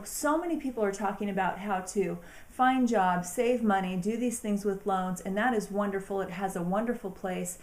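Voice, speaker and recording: A woman's voice: medium pitch, a little mellow. Encouraging woman speaking in a roomy space. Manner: earnest, encouraging, slow emphatic phrasing. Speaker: host. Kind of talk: inspirational talk.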